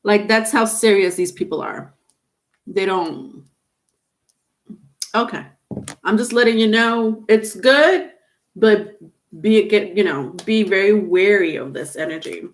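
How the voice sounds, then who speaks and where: Woman tarot reader on a live stream; unhurried, halting delivery with repeats and casual swearing. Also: mid-range voice.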